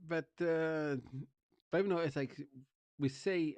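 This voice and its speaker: A man's voice: a little high, slow pace, darkish tone, clean tone, dry recording. A man chatting casually to his viewers, rambling, repeating himself and laughing often. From Wales. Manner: rambling, repeats "you know what I mean", laughs often. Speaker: streamer and vlogger.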